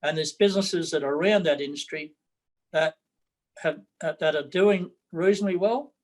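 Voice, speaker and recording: A man's voice: on the high side, moderate pace, rough recording. A middle-aged man with an Australian accent, a political candidate talking bluntly in an interview, repeating his words as he goes.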